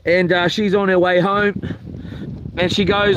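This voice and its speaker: A man's voice: sits high, level tone, measured pace, pauses often. A man chatting casually in a camping vlog, rambling with many fillers and mild swearing, recorded outdoors at a coastal campsite. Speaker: camping vlogger. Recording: outdoor wind and noise.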